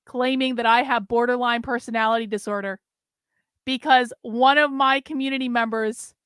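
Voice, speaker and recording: A woman host reading a comic fan story aloud, then commenting on it with dry, deadpan delivery. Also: on the high side, normal speed, smooth, no room sound.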